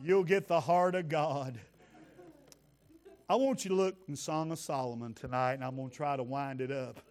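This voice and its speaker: A male preacher, telling a folksy, humorous story in a sermon and building to shouted praise. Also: fairly high pitch, normal speed.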